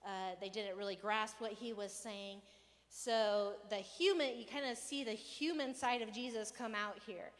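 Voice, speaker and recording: A woman pastor giving a casual, conversational sermon, animated and playful, sometimes raising her voice to act out a rant. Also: mid-range voice, measured pace, big-room sound. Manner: conversational, animated, acts out rants with raised voice. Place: church hall.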